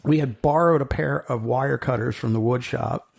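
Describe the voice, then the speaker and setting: Speaking at a normal speed, this middle-aged podcast co-host has a mid-range, creaky, slightly mellow voice. He chats casually, wanders through stories, laughs a lot, and performs the quotes he recounts.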